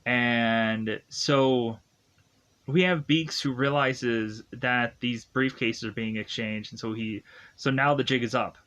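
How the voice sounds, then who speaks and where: A man casually recapping a movie plot, halting often and chuckling as he goes. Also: mid-range voice, steady tone, a bit bright. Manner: halting, filler-heavy, chuckling. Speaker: film reviewer.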